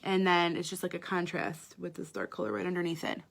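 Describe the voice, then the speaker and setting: A woman's voice: on the low side, steady tone, fairly quick, vocal fry, a bit bright. A woman makeup artist giving a chatty live makeup tutorial, talking straight to her viewers.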